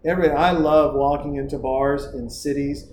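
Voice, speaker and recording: A man's voice: fairly high pitch, fairly even intonation, fairly quick, a little mellow. A man hosting a casual chat, loose and profane, rambling through stories and advice. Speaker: podcast host. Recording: roomy echo, faint background hiss.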